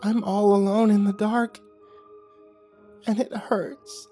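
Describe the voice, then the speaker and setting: A man's voice: level tone, slow pace, dark tone, soft background music. A man voicing a vengeful undead girl ghost with a grating voice. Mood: mournful. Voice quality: low, grating.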